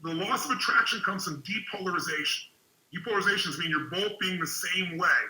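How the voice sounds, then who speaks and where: A man hosting a relationship webinar, telling stories in an energetic, emphatic way. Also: high-pitched, reverberant, rough recording. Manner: energetic and emphatic, quick storytelling. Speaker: host and relationship speaker. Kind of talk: webinar talk with storytelling.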